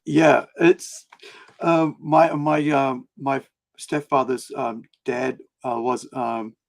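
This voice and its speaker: Brief: man as New host, gravelly, halting questions, dry sound. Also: medium pitch, level tone, dry recording. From New Zealand. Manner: hesitant, lots of ums and restarts. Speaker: podcast host. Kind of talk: casual interview chat.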